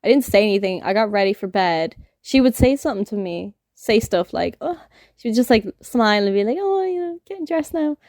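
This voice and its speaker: A young woman hosts a casual podcast, spinning a story with plenty of swearing and laughter. Her voice sits at a middling pitch, and the sound is close and dry, with no room around it. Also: brisk, darkish tone, no room sound. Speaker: podcast host.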